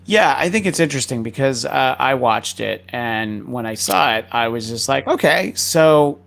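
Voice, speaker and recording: A man's voice: mid-range voice, moderate pace, vocal fry, fairly bright tone. A man hosting a podcast, chatting casually about movies and often stumbling over his words in restarts. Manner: hesitant, many restarts and fillers. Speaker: podcast host.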